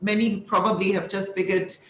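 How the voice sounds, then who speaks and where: A woman's voice: medium pitch, flat delivery, fairly quick. Lady guest speaker on a call, straight to the point, roomy echo, bit of background noise. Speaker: guest scholar. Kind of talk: casual talk on a video call. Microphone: video call. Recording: echoey room with faint noise.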